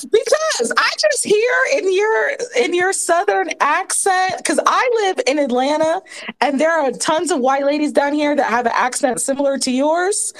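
A woman chatting casually in an audio room, animated and indignant, quick to laugh. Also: high-pitched. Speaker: guest speaker in audio room. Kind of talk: casual chat.

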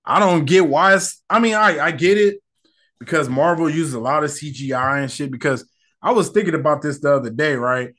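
A man's voice: a little high, brisk, a bit bright. A young man hosting a casual solo podcast, talking in a loose, slangy, rambling and candid way. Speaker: podcast host.

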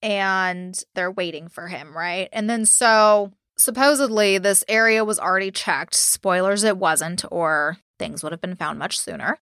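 Brief: casual podcast host, woman, bright and forceful voice, dry close sound, swears and mimics people as she tells the case. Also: mid-range voice, a little slow, hardly any pauses, dry recording. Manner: chatty, profane, mock-quotes people. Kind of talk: casual true-crime storytelling.

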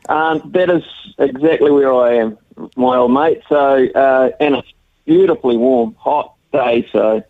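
A man's voice: medium pitch, expressive, measured pace, gravelly, dry recording. Jovial male NZ commentator, down a thin dry phone line. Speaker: cricket commentator calling in. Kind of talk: casual radio chat.

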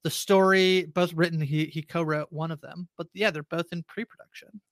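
Male podcast co-host, high bright voice, dry close sound, rambling casual movie talk. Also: fairly even intonation, dry recording. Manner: rambling, quick to laugh, lists names.

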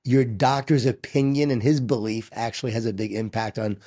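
A man's voice: mid-range voice, brisk. Emphatic man telling stories in conversation. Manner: energetic, emphatic storyteller. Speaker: guest speaker and author. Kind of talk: conversational storytelling.

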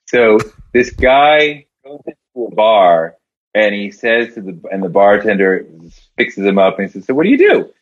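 A man who is a writer appears as a podcast guest, telling long story jokes in casual talk and voicing the characters with big leaps in pitch. He is unhurried, and the audio is dull.

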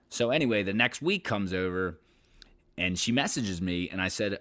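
A man's voice: fairly low pitch, lively intonation, moderate pace, fairly bright tone. A man hosting a podcast, telling a story casually, rambling and swearing with lots of filler. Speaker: podcast host.

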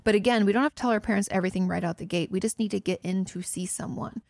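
A woman's voice: medium pitch, very fast, darkish tone, no echo, studio quality. A woman therapist hosting a podcast, answering listener questions in an earnest, direct way, speaking straight to the listener and often restarting her sentences. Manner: restarts and self-corrections.

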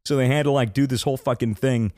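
A young man in his twenties chatting on a podcast mic, with a mid-pitched voice. He tells stories with lively enthusiasm, curses freely, and puts on voices for the people in them. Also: fast, no echo, studio quality. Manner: animated storyteller, swears freely. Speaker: podcast co-host. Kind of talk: casual chat.

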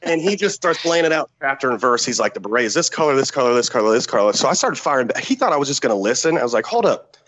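A man's voice: mid-range voice, very fast, few pauses, a little hiss or hum. Profane man telling a war story. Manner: profane, animated, acts out quoted dialogue. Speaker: podcast guest, former Special Forces soldier.

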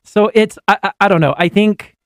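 A man co-hosting a podcast, chatting casually about films and TV, animated, with many fillers and restarts. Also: high voice, normal speed, no echo, clean studio sound. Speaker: podcast co-host. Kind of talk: casual chat.

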